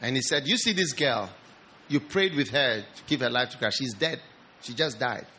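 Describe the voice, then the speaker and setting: A man's voice: mid-range voice, expressive, moderate pace, bright, forceful tone, a little hiss or hum. A man preaching an altar call, pleading and repeating short calls, leading a prayer line by line.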